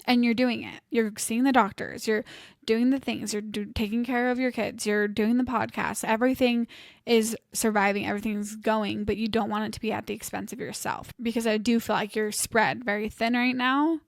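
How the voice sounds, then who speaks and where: A woman's voice: a little high, fairly even intonation, moderate pace, creaky, no echo, clean studio sound. A woman co-hosting a podcast, encouraging and reassuring her friend in casual talk. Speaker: podcast co-host. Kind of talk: supportive casual chat.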